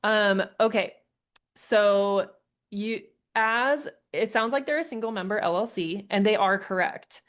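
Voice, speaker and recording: A woman's voice: medium pitch, a little slow. A woman hosting a live online Q&A, answering questions in a casual, chatty way with frequent laughs. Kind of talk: live Q&A session.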